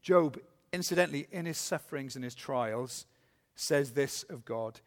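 Gravelly preacher in a reverberant church. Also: male voice, mid-range voice. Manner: earnest, questioning the congregation, reading scripture slowly with emphasis. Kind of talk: sermon. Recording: long hall reverb.

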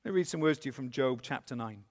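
A man preaching a sermon, earnestly asking the congregation questions and reading scripture slowly with emphasis. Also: mid-range voice, animated. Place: church. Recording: long hall reverb.

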